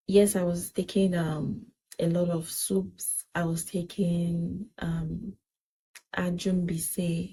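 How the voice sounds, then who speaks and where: A woman's voice: on the low side, warm tone, slightly rough, poor audio. A young woman, earnestly giving advice in a casual vlog chat and repeating points for emphasis. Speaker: parenting vlogger.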